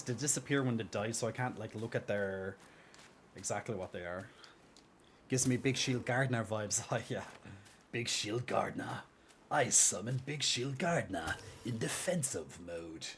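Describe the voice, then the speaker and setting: A man live-streaming a game, chatting casually and rambling excitedly with lots of fillers and laughter. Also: medium pitch, measured pace, a little hiss or hum. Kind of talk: casual live-stream chat while gaming.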